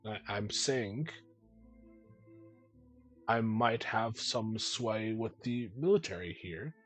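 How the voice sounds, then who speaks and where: A man's voice: fairly low pitch, slow, soft background music. A man voicing an anxious middle-aged man who stammers and pleads while asking after his missing family.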